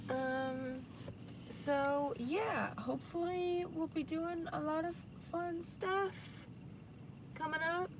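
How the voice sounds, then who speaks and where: Co-host, woman with a higher voice, chatty and steering the talk, clear background noise in a car. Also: slow pace. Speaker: podcast co-host. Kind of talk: casual chat.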